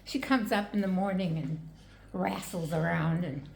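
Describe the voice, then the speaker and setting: An older woman, the vlogger's mother, speaking slowly and softly and laughing easily. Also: on the low side, creaky. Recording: echoey room, faint noise.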